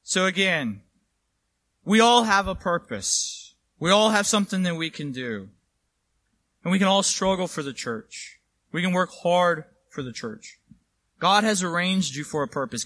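A man's voice: high-pitched, expressive, normal speed, bright, forceful tone, dry recording. A man preaching a sermon in a church, conversational and emphatic, often checking in with the congregation. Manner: conversational and emphatic, asks "right?".

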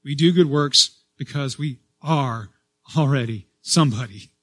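A man preaching a sermon as pastor, stressing key phrases loudly, then dropping to a soft voice, and restarting phrases as he goes. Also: medium pitch, measured pace. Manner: repeats and restarts phrases as he speaks.

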